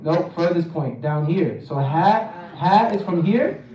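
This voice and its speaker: A man's voice: a little high, animated, unhurried, warm tone. Guy teaching tajweed, chants verses, group repeats, roomy far-off sound. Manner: drills pronunciation, recites verses in a chanting tone. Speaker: Quran recitation teacher. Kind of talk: classroom tajweed lesson. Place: mosque hall. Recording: echoey hall, mic at a distance.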